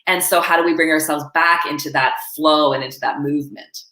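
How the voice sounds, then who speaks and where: A woman coach and author telling animated stories in an interview, often laughing and quoting others. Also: deep voice, brisk, reverberant. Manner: laughing, animated anecdotes with acted quotes. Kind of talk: storytelling in a live interview.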